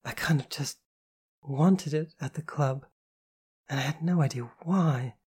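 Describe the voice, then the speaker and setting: A woman reading an audiobook, voicing a shy, emotional young woman in a soft, hesitant, breathy way. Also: low-pitched, a little slow, full character voice. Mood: whispered.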